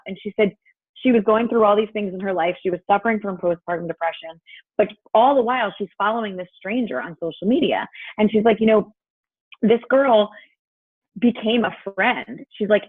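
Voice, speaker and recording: A woman's voice: mid-range voice, slightly rough, no room sound. A woman telling a story on a group video call through an earbud, chatty and full of fillers and quoted dialogue. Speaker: team member sharing a story. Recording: tinny phone-like call audio.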